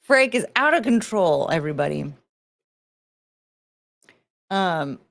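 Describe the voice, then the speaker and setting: A woman's voice: lowish voice, very animated, takes it slowly, creaky. A woman hosting her own livestream, chatting casually and greeting viewers by name with sing-song asides. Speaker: livestream host.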